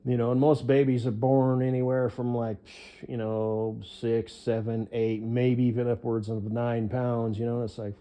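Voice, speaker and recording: A man's voice: medium pitch, little pitch movement, moderate pace, few pauses, dark tone. A man delivering a rambling one-sided monologue, swearing freely and filling his speech with hesitations. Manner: rambling, profane, full of fillers.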